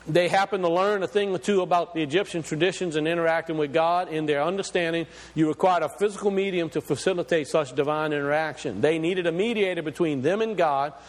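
A male preacher delivering an emphatic teaching sermon, asking questions and explaining scripture word by word. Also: a little high. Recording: long hall reverb.

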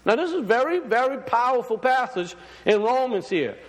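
Speaking at normal speed with an extremely high, animated voice, a man delivers a sermon to his congregation in a loose, talky style. Fillers and restarts abound, he keeps questioning his listeners, and the recording has long hall reverb.

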